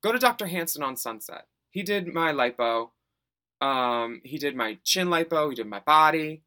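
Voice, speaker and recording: A campy podcast co-host, a man with a fairly high, bright and forceful voice. He talks in an animated, giggly, teasing way, hosting casual chat. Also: moderate pace.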